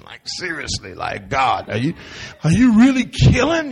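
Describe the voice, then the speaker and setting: A man preaching a sermon, animated and folksy, with quick asides to the congregation and acted-out quotes. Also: very high-pitched, slightly rough. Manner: acts out voices of the people he quotes. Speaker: pastor.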